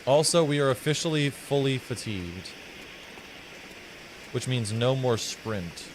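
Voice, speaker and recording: A man with a mild, flattened American Southern accent, rambling, swearing and musing playfully while he streams a game. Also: medium pitch, a little slow, a little hiss or hum, low-quality recording. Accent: mild American Southern, partly flattened. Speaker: live streamer. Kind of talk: casual gameplay commentary.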